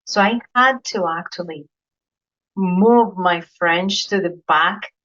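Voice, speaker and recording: A woman's voice: fairly low pitch, slow, fairly bright tone. A Colombian woman with a Spanish accent, hosting a podcast interview and telling anecdotes in an earnest way, often repeating words while she searches for them. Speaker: podcast host. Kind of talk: casual interview chat. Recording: dull lo-fi recording.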